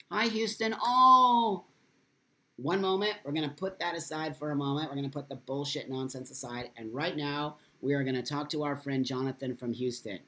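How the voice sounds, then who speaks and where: A man with a fairly high, sharp-toned voice addresses his viewers directly during a casual live stream. He's impassioned and swears freely, reading their comments aloud along the way in a loose, unscripted style.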